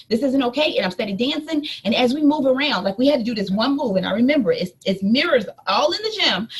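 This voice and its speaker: Husky animated woman life coach. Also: on the high side. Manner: animated storytelling, addresses listeners as y'all. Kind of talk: motivational talk to an audience.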